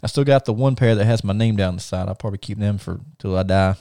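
A middle-aged man hosts a casual chat, telling an animated story with lots of stammered restarts. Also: on the low side, quick pace, clear, resonant tone, no echo, clean studio sound. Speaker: podcast host.

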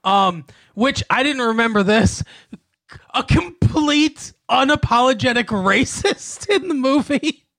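A man's voice: very high voice, expressive, takes it slowly, a bit bright, no room sound. A man co-hosting a podcast, chatting about a movie and laughing often. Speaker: podcast co-host. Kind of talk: casual movie chat.

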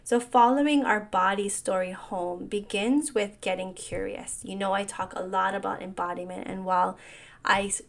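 A woman, hosting a solo coaching talk in an earnest, reflective way and often asking "right?". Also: medium pitch. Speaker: business coach podcast host.

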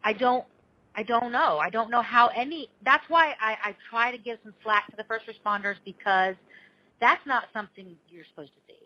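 A woman speaks with strong feeling in an interview, close to tears. Her voice is bright and husky and sits fairly high. The recording sounds dull and lo-fi. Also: normal speed, dry recording. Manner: impassioned, near tears. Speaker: podcast interviewer. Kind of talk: emotional interview conversation.

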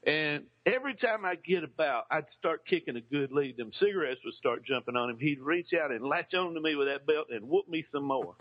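A man's voice: fairly high pitch, expressive, fairly quick, hardly any pauses, muffled recording. A man telling a funny childhood story in a loose, rambling way, with plenty of fillers and restarts. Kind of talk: casual comic storytelling.

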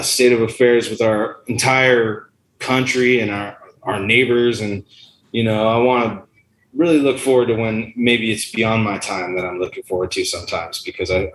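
A man with a fairly low voice talks in an earnest, rambling, philosophical way, like a musician chatting on a show. The room around him is echoey, with a faint hum of ambience behind. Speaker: musician guest. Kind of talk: casual chat.

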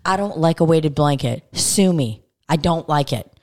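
A woman with a Midwest American accent and a low, dark-toned, expressive voice speaks at a moderate pace. Co-hosting a casual comedic podcast, she tells a crude, exasperated story packed with swearing about a rented house in California.

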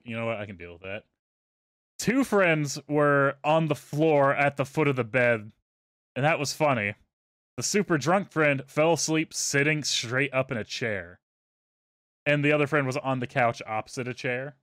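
A man tells a party story to his podcast co-hosts in a loose, easygoing way, swearing freely. His asides drop to a mutter. His voice sits at an ordinary middle pitch and is recorded close and dry. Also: dry recording. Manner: laid-back, profane, trails off into quiet asides. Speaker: podcast host. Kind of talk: casual storytelling.

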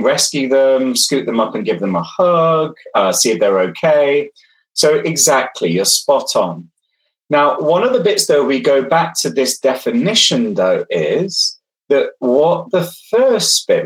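A man's voice: medium pitch, low-quality recording. A man lecturing online, engaging his audience directly and reading out their replies from the chat.

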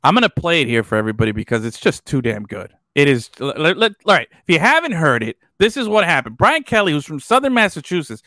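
A male podcast host chatting about sports in an animated, joking way, often trailing off into fillers. His voice is bright and high, with a lot of swing in pitch. The sound is dry and close. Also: fast talker, hardly any pauses, no room sound. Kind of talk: casual sports chat.

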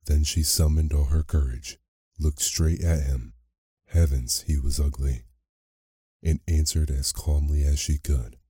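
Very deep, husky man reading a sleep story. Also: fairly even intonation, dry recording, studio quality. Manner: slow, soft and measured. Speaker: narrator. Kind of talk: bedtime sleep story narration.

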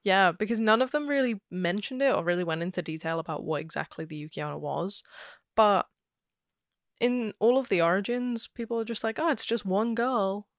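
A woman's voice: mid-range voice, animated, a little fast, no echo, studio quality. A woman co-hosting a podcast in casual chat, talking with lots of "like" and quoted asides. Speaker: podcast co-host.

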